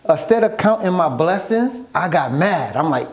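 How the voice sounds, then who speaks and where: A man's voice: fairly high pitch, moderate pace. A man telling his story in a casual interview, acting out what others said to him as he goes. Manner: animated storyteller acting out quoted dialogue. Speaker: guest, author and photographer.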